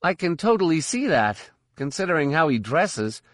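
A man voicing an eager, blunt teenage boy in an audiobook, loud and excited. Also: a little high, normal speed, no room sound, studio quality, pitched above the performer's own voice. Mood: eager, cheeky. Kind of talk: audiobook character voice.

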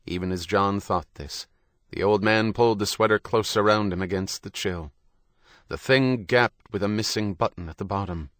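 Man narrating, low pitch, dry sound, even measured reading. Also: no room sound. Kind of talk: audiobook narration.

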